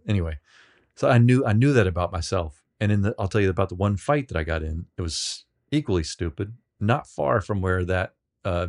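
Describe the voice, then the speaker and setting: A man being interviewed on a podcast, telling rambling, self-deprecating stories with many halting restarts. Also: sits low, darkish tone. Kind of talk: casual storytelling.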